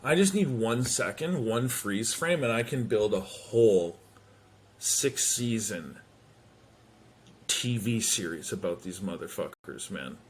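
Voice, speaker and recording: A man hosting a podcast, telling a comedic story in a casual, animated way, swearing and slipping into quick impressions of people. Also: fairly low pitch, slight background noise. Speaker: podcast host. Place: home.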